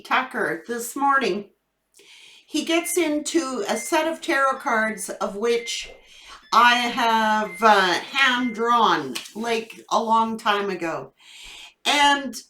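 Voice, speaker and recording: A woman's voice: high-pitched, sharp tone. A woman doing a casual tarot reading video, telling a funny story with plenty of laughter. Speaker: tarot reader. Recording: echoey room.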